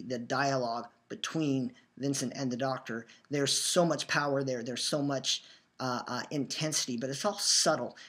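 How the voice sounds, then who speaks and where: A man's voice: fairly high pitch, fairly bright tone. A young man hosting a fan show, talking earnestly in a rambling way and restarting his sentences often. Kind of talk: casual fan commentary. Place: new home, just moved in.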